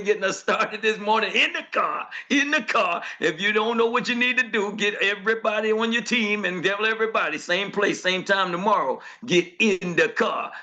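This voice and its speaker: A man's voice: sits high, sharp tone, lo-fi sound. A man hosting a motivational morning call, speaking in a rhythmic, preacher-like cadence full of repeated thanks.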